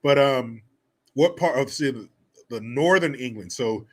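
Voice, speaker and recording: A man's voice: medium pitch, expressive, unhurried. A man hosting a livestream, chatting casually and reading viewer donations with crude, profane jokes. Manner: crude, joking, profane banter. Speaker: livestream host.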